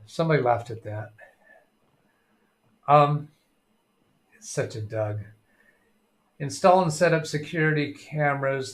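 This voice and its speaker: A middle-aged man hosting a casual live tech stream, reading chat aloud and thinking out loud with many fillers. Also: mid-range voice.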